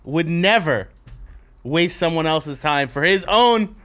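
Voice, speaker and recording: A man's voice: fairly high pitch, expressive, takes it slowly, a bit bright. A man co-hosting a podcast in a studio, teasing and cursing in casual banter. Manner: sarcastic, profane teasing. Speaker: podcast co-host. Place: radio studio.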